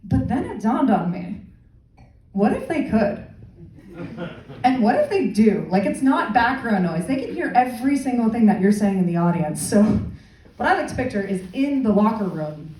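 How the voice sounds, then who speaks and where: Woman, young, from Canada, stand-up comedian, sarcastic, fairly high voice, roomy echo. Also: sing-song, moderate pace. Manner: sarcastic, acts out loud fans in shrill voices. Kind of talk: live stand-up set. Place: comedy stage before a live audience. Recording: echoey room, far from the mic.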